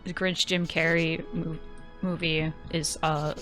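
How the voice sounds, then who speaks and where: A woman streamer chatting casually, animated, swearing freely and trailing off mid-thought. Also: sits low, slow pace, faint music behind.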